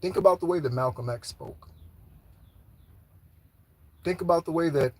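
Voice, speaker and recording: A man's voice: fairly high pitch, moderate pace, a little mellow, no echo. A middle-aged man giving a rambling spiritual monologue, casual and profane, often checking in with "okay?" and "right?". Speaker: spiritual channel host.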